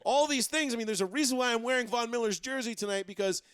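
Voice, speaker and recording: A man hosting a sports talk show, talking casually and excitably, rambling and swearing often. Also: very high-pitched, fast, clear, resonant tone, dry recording, studio quality. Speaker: sports radio host.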